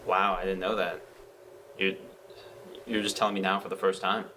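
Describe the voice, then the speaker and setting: A man's voice: low voice, level tone, normal speed, bright, forceful tone, slight background noise. A man voicing a sarcastic young store clerk in a cartoon, dry and skeptical. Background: music.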